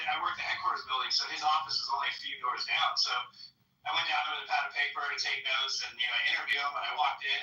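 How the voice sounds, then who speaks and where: A male podcast host telling quick, chatty anecdotes in casual talk. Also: fairly high pitch, pushed and bright, echoey room, distant mic, poor audio. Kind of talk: casual storytelling chat.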